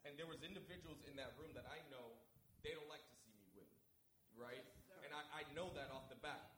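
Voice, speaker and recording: A man speaking as a guest, telling a faith testimony in an animated way and acting out both sides of the conversations. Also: mid-range voice, brisk. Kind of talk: testimony storytelling. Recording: echoey room with a crowd.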